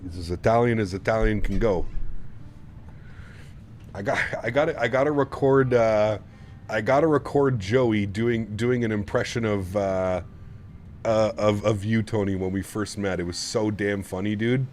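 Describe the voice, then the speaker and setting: A man's voice: on the low side, normal speed, a little mellow, a little hiss or hum. A man live-streaming a flight simulator, chatting casually and rambling to his viewers while he flies. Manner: chatty, rambling, laughs often. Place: home sim setup.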